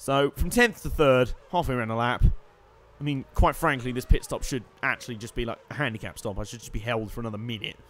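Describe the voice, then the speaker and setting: A man giving wry, chatty live commentary while playing a racing game, swearing and reacting loudly to the action. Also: medium pitch, fast talker. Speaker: streamer.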